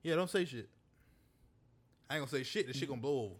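Rapid, lively-voiced man chatting. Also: medium pitch, breathy edge. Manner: animated, profane, interrupts often. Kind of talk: casual chat.

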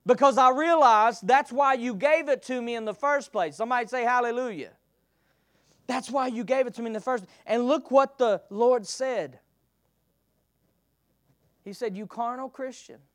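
Preacher, male, high and clear voice, dry close sound, reads verse then exhorts the congregation. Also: unhurried, no echo. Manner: reads scripture aloud then expounds, calls for congregation responses; swings from loud declaiming to soft murmured asides. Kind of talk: sermon.

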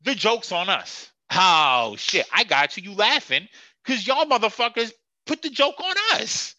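A man with a very bright, sharp voice, ranting about his team with plenty of swearing and sarcasm. His pitch jumps all over as he talks. The recording is dry and a little dull. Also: expressive, measured pace, no room sound. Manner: profane, heated, sarcastic. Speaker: sports podcast host. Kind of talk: casual sports rant.

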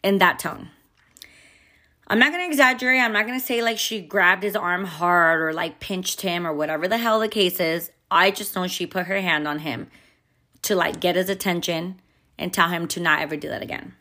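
A young woman and mother telling a personal story in a candid, expressive way, swearing freely. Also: fairly low pitch, normal speed. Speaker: vlogger and mother. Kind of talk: casual storytime.

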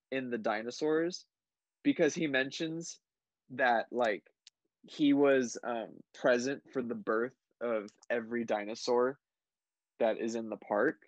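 A man's voice: medium pitch, dry recording. A tipsy man rambling about a movie in casual chat, backtracking and correcting himself. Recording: dry dull lo-fi mic.

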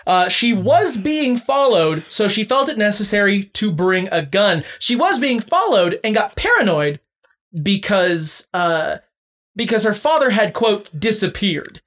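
A woman hosts a casual podcast and runs a quiz for her guests. Her pitch moves a lot from line to line, and she talks with plenty of uh and um. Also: measured pace. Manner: quizzing guests, frequent fillers, lively pitch. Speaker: podcast host running a quiz.

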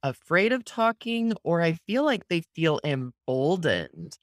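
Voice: medium pitch, sing-song, unhurried, no room sound. Earnest podcast host, dry close sound. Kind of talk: conversational interview.

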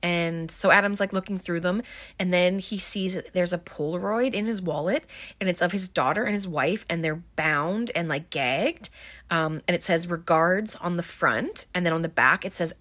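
A woman with a slightly low voice talks through a film's plot in a loose, casual recap. She keeps it chatty and conversational, peppering her retelling with likes and ums. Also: expressive, measured pace, sharp tone. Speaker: film recap host.

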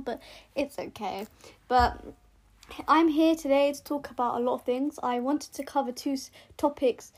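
High-voiced earnest young woman podcaster. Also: darkish tone. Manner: earnest, rambling with restarts and repeated words. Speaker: podcast host. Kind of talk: casual solo podcast monologue. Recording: home recording, rough sound quality.

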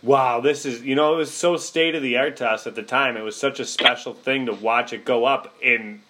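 A man hosting a casual sports podcast, relaxed and enthusiastic, asking his co-host questions and peppering talk with fillers. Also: mid-range voice, normal speed, background noise. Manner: relaxed, enthusiastic, lots of you-knows, asks questions.

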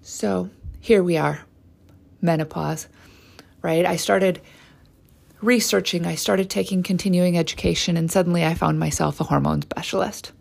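A woman's voice: fairly low pitch, moderate pace, creaky, darkish tone. A woman in her forties, a hormone specialist and trainer, telling a candid personal story in a conversational way with frequent asides to the listener.

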